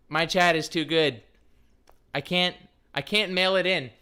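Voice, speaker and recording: A man's voice: on the high side, slow, pushed and bright, clear, resonant tone. A man hosting a live stream, chatting casually and jokily with his viewers in a scattered, playful way, talking straight to the chat. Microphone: desk microphone.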